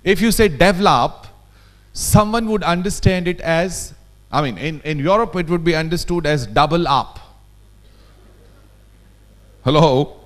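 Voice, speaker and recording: This workshop trainer speaks on the high side, at a measured pace with long pauses and a slightly bright tone. He has an Indian English accent and talks emphatically during a lecture workshop in a conference hall, often checking in with the audience.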